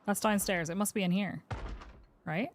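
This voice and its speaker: A woman's voice: medium pitch, normal speed, slight background noise. A woman chatting through gameplay commentary as a streamer, talking to her game character and swearing casually.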